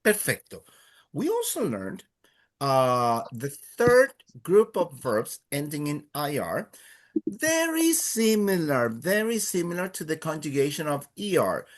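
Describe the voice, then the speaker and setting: Male teacher, beginner class, slow and patient, animated pitch, lots of "uh". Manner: slow, patient, many fillers and check-ins. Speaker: Spanish teacher. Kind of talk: online class instruction.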